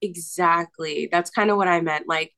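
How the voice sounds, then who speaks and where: A woman's voice: on the low side, steady tone, normal speed, sharp tone. A young woman co-hosting a podcast, chatting frankly and casually, swearing freely and laughing often. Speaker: podcast co-host. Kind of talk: casual chat. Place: apartment.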